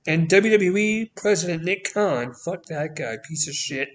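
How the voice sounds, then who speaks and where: A man's voice: fairly high pitch, lively intonation, a little slow. A man with a Canadian accent hosting a casual podcast, reading news items aloud with blunt, sweary, sarcastic asides. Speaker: podcast host.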